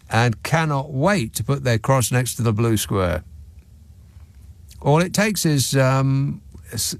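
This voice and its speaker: A man's voice: medium pitch, dry recording. A man hosting a radio phone-in, talking in a sarcastic, mocking, dry-witted way. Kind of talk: opinionated talk radio monologue. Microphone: studio microphone.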